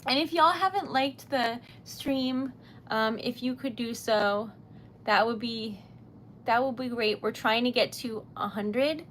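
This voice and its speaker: A young woman chats through a crafting livestream, giggling and flustered as she thanks viewers. Her voice sits fairly high. A faint hiss of room noise lies under the recording. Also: takes it slowly, a bit bright. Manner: giggly, easily flustered, thanks chat often. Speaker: livestream host. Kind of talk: casual livestream chat while crafting.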